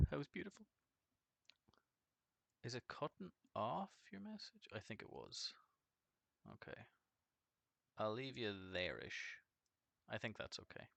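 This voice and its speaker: A man chatting casually on a live game stream, rambling and swearing, his voice jumping from deep to screechy when excited. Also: unhurried, gravelly, long pauses, dry recording.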